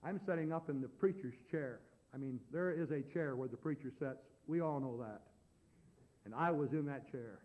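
A man preaching a sermon, telling a story in a folksy, animated way and building to loud preaching. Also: medium pitch, normal speed. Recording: dull lo-fi recording.

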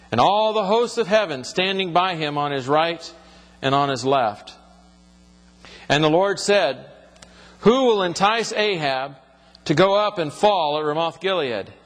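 A man's voice: fairly high pitch, long reverb tail. A man teaching from the Bible, reading passages aloud and then explaining them in plain, conversational words.

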